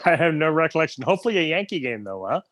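A man joining a podcast from afar, giving dry, wry answers. His voice sits a little high. He sounds a bit distant on the line. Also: big pitch swings, rapid-fire, a bit bright. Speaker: remote guest. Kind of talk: casual chat.

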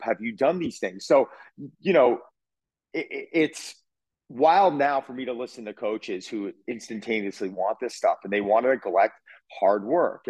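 A man's voice: medium pitch, a little mellow, no room sound, low-quality recording. A man in his forties, a fitness coach talking as a podcast guest over a video call, emphatic and blunt with casual swearing. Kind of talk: casual interview talk.

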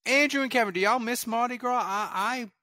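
A man's voice: very high-pitched, a little fast, sharp tone. A man, joining a casual podcast chat with playful teasing.

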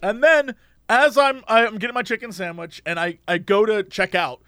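A man's voice: sits high, moderate pace, bright, forceful tone, clean tone, no room sound, clean studio sound. A man hosting a podcast, telling a story in a casual, laughing way. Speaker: podcast host.

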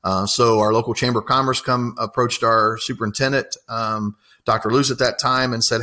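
A man's voice: mid-range voice, fairly even intonation, a little fast, bright, forceful tone. Enthusiastic man. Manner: enthusiastic, rambling storyteller with many fillers. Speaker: apprenticeship coordinator. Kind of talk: casual interview talk.

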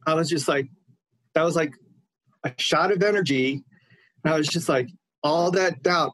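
A man on the line tells a personal story, his voice sitting fairly high for a man. He talks earnestly, stopping and restarting his sentences as he goes. The sound is dry and close, with no room around it. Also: normal speed, pauses often, fairly bright tone, dry recording, poor audio. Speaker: caller. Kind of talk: personal story told to a radio host.

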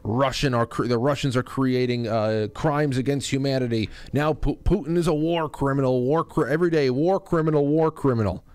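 A man's voice: medium pitch, normal speed, few pauses, clear, resonant tone, dry recording. A male host giving angry, insulting, sarcastic political commentary, ranting about news clips.

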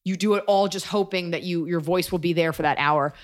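A woman's voice: on the low side, fairly quick. A woman in her thirties hosting a podcast, chatting casually in a rambling, self-deprecating way. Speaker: podcast host and comedian.

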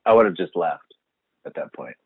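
A man's voice: low voice, expressive, moderate pace, husky, no echo. Sarcastic man on a tinny line. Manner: teasing, sarcastic. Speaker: podcast co-host. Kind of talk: casual chat.

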